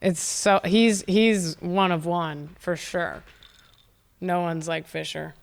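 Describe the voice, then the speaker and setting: A woman's voice: fairly low pitch, fairly even intonation, takes it slowly, vocal fry. A woman from San Diego, a podcast guest chatting casually and telling rambling stories full of swearing and laughter in a studio. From San Diego, California. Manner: rambling, swearing storyteller who laughs often. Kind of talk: casual chat.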